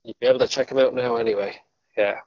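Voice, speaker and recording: A man's voice: mid-range voice, quick pace, dry recording. Easygoing man hosting a podcast. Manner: relaxed, plain-spoken, swears casually. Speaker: podcast host. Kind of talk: casual podcast chat. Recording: dull, dry lo-fi sound.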